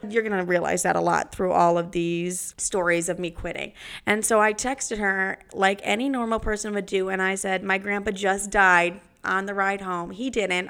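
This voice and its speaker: A woman's voice: medium pitch, vocal fry, a bit bright, smooth. A young woman telling brash, profane stories about quitting jobs in a sarcastic storytime monologue.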